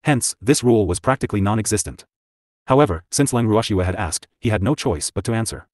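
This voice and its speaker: A man narrating a fantasy novel audiobook in a steady, scripted storytelling read. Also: lowish voice, a little fast, no room sound, clean studio sound.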